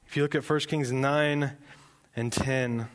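A man's voice: medium pitch, fairly even intonation, a little slow. A man preaching a sermon as a pastor, speaking in an earnest, conversational way. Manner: earnest and conversational, switches into acted quotes.

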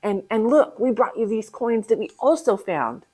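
A woman's voice: fairly high pitch, lively intonation, moderate pace, darkish tone, breathy edge, voice pushed up. A woman voicing a humble older brother pleading earnestly with a ruler.

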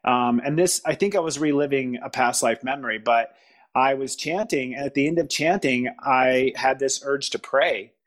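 A man speaking as a guest in a casual spiritual conversation, pausing, restarting and searching for words. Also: medium pitch. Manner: halting, searching for words, frequent restarts and laughs. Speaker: podcast guest.

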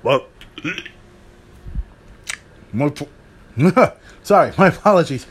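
A man hosting a solo podcast in an excited recap style, swearing freely and shouting on big moments. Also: fairly high pitch, slow pace, breathy edge. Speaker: podcast host.

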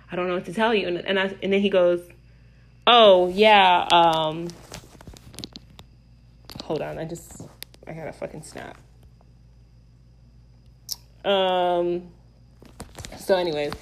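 A young adult woman telling a casual story to her camera, blunt and animated, swearing freely. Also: lowish voice, low-quality recording. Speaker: vlogger.

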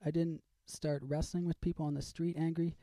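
Gravelly man ranting with fake cheer. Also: fairly high pitch, flat delivery, normal speed, mellow, no echo. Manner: sarcastically cheerful, erupting into swearing. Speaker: comedy segment host. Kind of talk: comedic rant.

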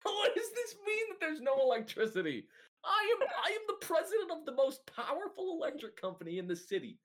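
A man's voice: very high voice, sing-song, a little fast, fairly bright tone, voice pushed up, full character voice. A man voicing a flustered, hot-tempered male company president who sputters and swears in indignation. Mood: outraged.

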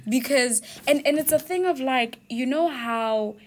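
A woman's voice: sits high, measured pace. A young woman from Botswana hosting a podcast in casual chat. She laughs often and keeps asking "you know what I mean". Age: young adult. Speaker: podcast host.

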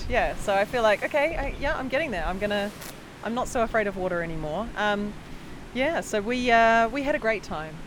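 A woman narrating a travel vlog in a relaxed, chatty way with many fillers. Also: medium pitch, background noise. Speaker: travel vlogger.

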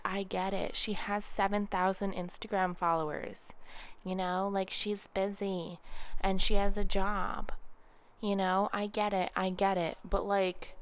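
Young female podcast host, casual petty rant, smooth low-ish voice. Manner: chatty, sarcastic and petty, mimicking others in a high voice.

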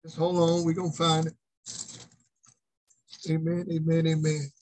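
Husky high-voiced male preacher. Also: monotone, a little slow, a little mellow, rough recording. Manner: emphatic, repetitive call-and-response preaching. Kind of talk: sermon.

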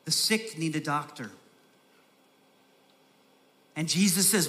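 Pastor guy preaching, high bright voice, repeats lines for emphasis, gets loud and urgent. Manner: builds from soft, slow emphasis to raised, urgent preaching. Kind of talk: sermon.

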